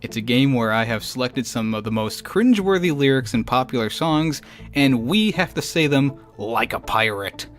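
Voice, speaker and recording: An easygoing male podcast host with a medium-pitched voice. He chats casually and laughs often as he interviews his guest. Soft music runs faintly in the background. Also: expressive, normal speed.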